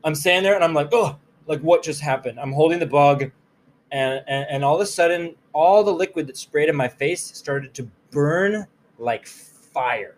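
A man telling a story in casual chat, animated and laughing as he acts out the scenes. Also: a little high, moderate pace, slight background noise.

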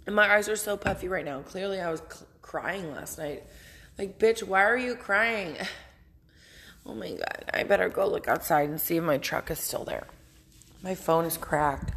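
A woman's voice: fairly low pitch, creaky, a little hiss or hum. A young woman, hosting a casual podcast while hungover, in a rambling, profane, blunt way from her house. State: hungover, low energy. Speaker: podcast host.

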